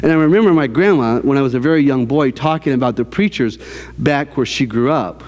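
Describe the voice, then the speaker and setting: A man preaching a sermon as a church pastor, animated, with repeated phrases and restarts. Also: mid-range voice, brisk, big-room sound. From American South. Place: church sanctuary.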